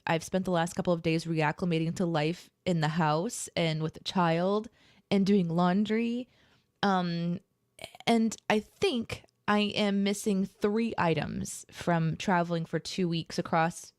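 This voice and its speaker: Chatty woman with a lowish, dry voice. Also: steady tone, takes it slowly, no echo. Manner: chatty, rambling. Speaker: co-host. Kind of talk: casual live-stream chat.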